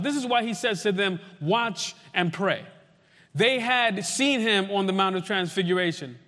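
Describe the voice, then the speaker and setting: High-voiced preacher in a reverberant hall. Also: male voice, fairly bright tone. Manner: emphatic repetition, slowing for weight. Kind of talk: sermon.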